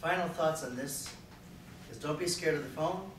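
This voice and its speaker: A man giving a jokey talk on sales to a live audience, lively and slipping into silly voices. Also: on the high side, normal speed. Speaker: sales speaker. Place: room with an audience. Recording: echoey room from a distance, faint noise.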